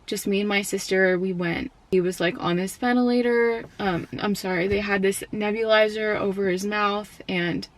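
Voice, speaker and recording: A young woman talks straight to the camera in a personal vlog. Her voice is soft and often falters, and she is close to tears. She speaks in a mid-range pitch and leans on filler words as she goes. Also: fairly even intonation. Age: young adult. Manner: soft, tearful, halting with many fillers. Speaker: college student.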